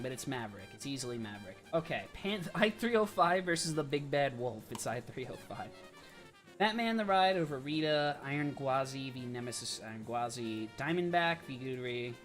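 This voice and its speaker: A young man talking casually on a livestream, his voice at an ordinary middle pitch. He chats his way through quick verdicts, tossing in asides and short laughs. Soft music plays faintly behind him. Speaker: livestream host. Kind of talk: casual live-stream commentary.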